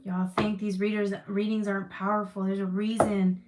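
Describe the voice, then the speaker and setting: A woman's voice: mid-range voice, flat delivery, moderate pace, very noisy. A woman giving a live tarot reading to her chat, emphatic and reassuring, repeating phrases, swearing casually and getting emotional. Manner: emotional, close to tears at times. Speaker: tarot reader.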